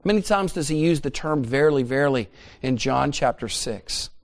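A man's voice: fairly high pitch, expressive, normal speed, gravelly. A middle-aged man preaching a sermon, emphatic and repeating phrases for emphasis.

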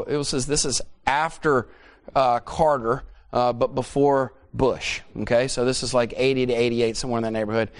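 A middle-aged man preaching a sermon. He is emphatic and often repeats phrases to drive a point home. His voice sits in a middle pitch.

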